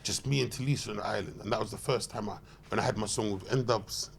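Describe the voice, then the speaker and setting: A man, telling loud, slang-heavy, swearing stories as a podcast guest. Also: lowish voice, quick pace, gravelly. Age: 30s. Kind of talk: animated anecdote telling.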